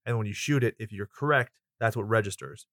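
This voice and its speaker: A man's voice: fairly low pitch, fairly quick, a bit bright, dry recording, studio quality. A man co-hosting a casual podcast, recapping a movie in a crude, joking way and often slipping into silly voices. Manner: crude, jokey, drops into silly put-on voices. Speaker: podcast co-host.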